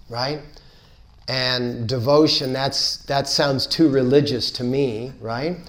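A man giving a spiritual lecture, unhurried and playful, repeating words in rhythmic build-ups. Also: medium pitch. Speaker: spiritual teacher.

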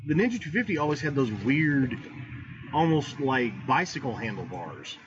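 A man's voice: medium pitch, very animated, moderate pace. A man chatting casually about motorcycles as a podcast co-host, rambling and restarting sentences. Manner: rambling, talks over others, restarts a lot. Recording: muffled with clear background noise.

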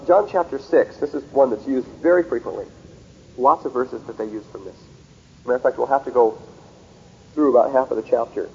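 Over a muffled recording, a man with a mid-range, slightly mellow voice lectures on theology. He goes through Bible verses methodically, reads scripture with emphasis, and keeps asking "See?" or "Okay?" as rhetorical checks.

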